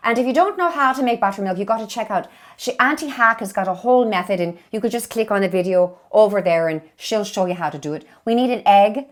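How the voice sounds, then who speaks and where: A woman's voice: mid-range voice, quick pace, few pauses. A woman hosting a cooking show in a put-on Irish accent, giving a playful, cheeky comic cooking demonstration in a kitchen and swearing for laughs.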